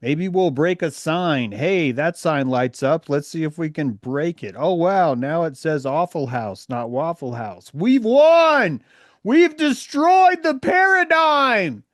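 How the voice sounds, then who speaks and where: A man's voice: on the high side, a little slow, hardly any pauses, a little mellow, no room sound, clean studio sound. A man in a casual group discussion, ranting in an exasperated and profane way.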